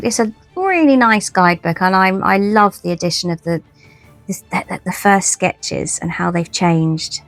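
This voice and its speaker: Chatty woman with a gravelly edge. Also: medium pitch, no room sound. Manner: chatty, rambling, self-deprecating, many restarts. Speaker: tarot vlogger. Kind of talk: casual haul video chat.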